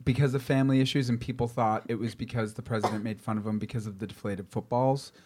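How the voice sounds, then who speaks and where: Man, mid-pitch, easy conversational delivery. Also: fairly even intonation, fast, a little mellow. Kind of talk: casual podcast chat.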